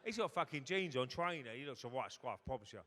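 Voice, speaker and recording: Expressive and fast-talking, this medium-pitched man sounds pushed and bright. As a former footballer guesting on stage in a hotel ballroom, he tells a sweary anecdote and plays out other people's lines, while the big hall adds long reverb.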